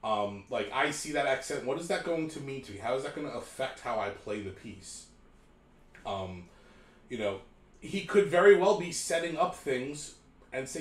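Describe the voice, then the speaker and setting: A man's voice: medium pitch, animated, moderate pace, roomy sound. A man giving a guitar lesson, explaining patiently, humming melodies and checking in with "right?". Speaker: guitar teacher. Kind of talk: casual lesson talk.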